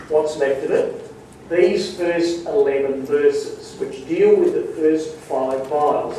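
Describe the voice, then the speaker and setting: Emphatic preacher in an echoey hall. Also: male voice, a little high, dark tone. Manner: emphatic, rising to punch key points. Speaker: Bible study speaker. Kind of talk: Bible study talk to a congregation. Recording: very echoey hall, distant mic, faint hiss.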